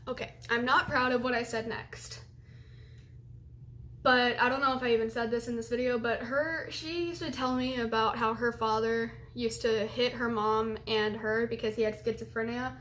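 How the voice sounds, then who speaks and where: Young woman, high voice, angry storytime rant, faint room hum behind. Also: fairly even intonation, moderate pace, fairly bright tone. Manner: heated, swearing, retells quotes in others' voices.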